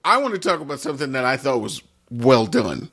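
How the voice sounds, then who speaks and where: A man's voice: mid-range voice, sing-song, brisk, a bit bright, husky. A man co-hosting a podcast casually, often stammering as he starts a thought. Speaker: podcast co-host. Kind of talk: casual chat.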